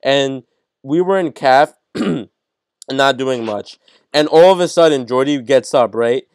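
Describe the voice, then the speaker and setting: A teenage man, a podcast co-host, excitedly telling a funny story on an online group call, swearing and laughing as he goes. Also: mid-range voice, a little slow, no echo, studio quality. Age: teens. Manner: animated, swearing, laughing at his own story. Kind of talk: casual storytelling.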